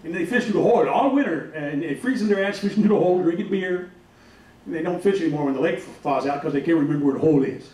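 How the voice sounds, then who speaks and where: High-voiced comic in a roomy club. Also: male voice, fast talker, a little mellow, recorded from a distance. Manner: folksy storytelling, acts out voices. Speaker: stand-up comic. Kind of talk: stand-up comedy set. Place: comedy club stage. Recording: roomy club, off-mic, faint noise.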